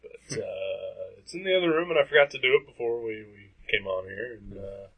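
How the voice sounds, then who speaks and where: A man with a nasal, stuffy-nosed voice co-hosting a casual podcast chat, rambling with lots of pauses and fillers. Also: fairly low pitch, lively intonation, creaky, breathy edge, lo-fi sound. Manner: rambling, hesitant with frequent fillers. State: stuffy nose. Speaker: podcast co-host.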